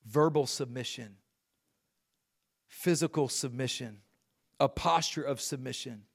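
A middle-aged male pastor preaching a sermon, reading scripture and building to loud, emphatic points. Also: medium pitch, a little slow, creaky.

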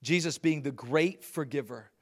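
Middle-aged male pastor, emphatic sermon delivery, voice sits a bit high. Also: moderate pace. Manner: emphatic preaching, rising loud on key points, reading scripture aloud.

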